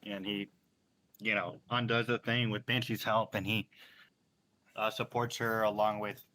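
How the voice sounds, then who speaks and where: A man playing a tabletop game, describing his character's actions in a halting, sarcastic way. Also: lowish voice, flat delivery, sharp tone. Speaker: player. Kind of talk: casual tabletop play.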